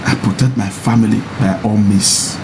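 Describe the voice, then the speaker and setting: A man with a Nigerian Pidgin accent preaching about marriage to men in a monologue. He repeats his points and rises into high mocking taunts. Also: steady tone, moderate pace, background noise. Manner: insistent and repetitive, mocking, rising to high taunts. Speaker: social media personality.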